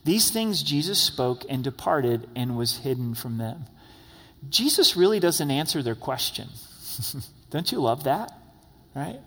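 A man's voice: on the high side, big pitch swings, unhurried, a bit bright, husky. Man preaching in a reverberant hall. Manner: earnest, conversational, rising to emphatic questions. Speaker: pastor. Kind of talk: expository sermon.

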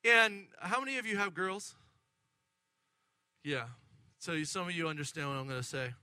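Middle-aged guy preaching, high voice, super bright and tight, dry close sound. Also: moderate pace, clear, resonant tone, dry recording. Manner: animated, acts out excited voices, addresses congregation. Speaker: pastor. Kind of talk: sermon.

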